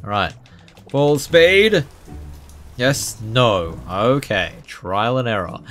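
A young man hosting a gaming channel, giving jokey, excitable commentary that bursts into loud yelps. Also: medium pitch, drawn-out words, pauses often, faint music behind. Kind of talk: gameplay commentary.

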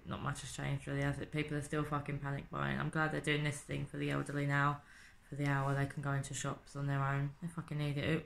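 A woman's voice: very deep voice, gravelly, a bit bright. A woman, chatting casually and swearing often in a home video diary, asking rhetorical questions. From England. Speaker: vlogger. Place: home in the city.

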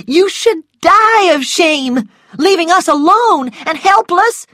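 A woman voicing a fiery, spoiled young Southern woman in a storybook reading, with a high, strained, shrill delivery. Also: lively intonation, slow pace, a bit bright, no room sound, full character voice. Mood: distraught.

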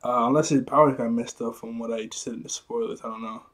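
A man's voice: medium pitch, steady tone, quick pace, a bit bright. A man casually reviewing a manga chapter, rambling and restarting his sentences, with chuckles along the way.

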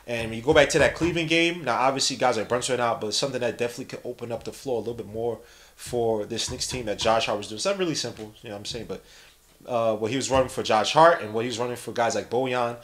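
A young man hosting a podcast, giving casual live play-by-play and reading the chat aloud in an animated, slangy way. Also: mid-range voice, fast. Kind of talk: casual live-stream commentary.

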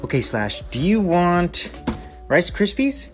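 Excitable late-teen guy, lively pitch, skit host turned mock commentator, music underneath. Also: takes it slowly. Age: late teens. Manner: playful, excitable, rising to shouts in commentary. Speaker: video creator.

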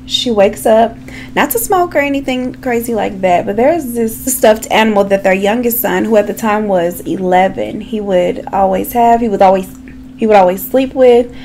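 A woman's voice: mid-range voice, a little mellow, a little hiss or hum. A woman telling a true crime story in a casual, chatty way, with frequent asides to her viewers. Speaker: true crime makeup vlogger.

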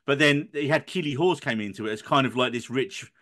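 A man's voice: medium pitch, brisk, fairly bright tone. A man hosting a casual podcast chat, joking around and swearing for comic effect. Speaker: podcast host.

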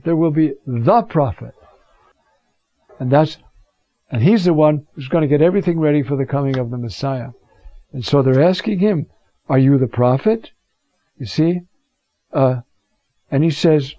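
A priest gives a lively, conversational sermon in a slightly high voice. He shifts his tone to act out the people he quotes. The recording is dull and lo-fi, with a dry, close sound. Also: no echo. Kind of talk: gospel sermon.

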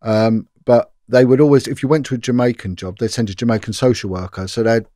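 A man's voice: medium pitch, fast, no echo, clean studio sound. Man telling police stories. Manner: animated anecdotes with many fillers and repeats. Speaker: former police detective, guest. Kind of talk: storytelling interview.

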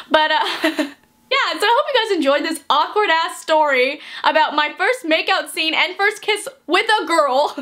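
A young woman vlogger telling a story in a chatty, animated way, full of fillers. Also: sits high. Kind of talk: storytime vlog.

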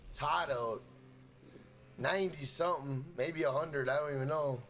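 A man's voice: fairly high pitch, normal speed, slight background noise. A young man from Minnesota live streaming a game, chatting casually, swearing freely and hyping up his chat. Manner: hyped, profane, shouts out chat members.

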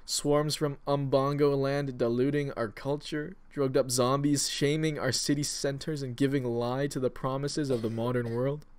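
Voiced by a man, this menacing villain with grand plans gives a rabble-rousing speech, growing louder in a pompous, speechifying way. He delivers it flat at a moderate pace with few pauses, and his deep voice sounds natural, smooth, silky and almost seductive.

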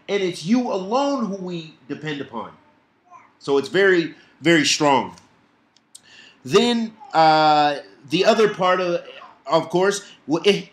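A man's voice: fairly high pitch, very animated, roomy sound. Man teaching a Quran lesson. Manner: explains with quick Arabic recitations and repeated emphasis. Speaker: Islamic teacher.

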